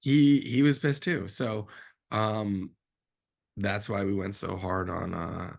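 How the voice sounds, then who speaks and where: Gravelly low-voiced man telling stories. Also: takes it slowly. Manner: animated storyteller, swings up sharply in pitch for incredulous reactions. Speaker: film director guest. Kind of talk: casual storytelling interview.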